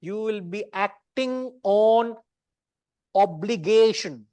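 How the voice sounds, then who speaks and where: A man's voice: high voice, slow, dark tone, clear, resonant tone, no room sound. A middle-aged man with an Indian English accent, teaching the Gita to a study class in a conversational, teasing way.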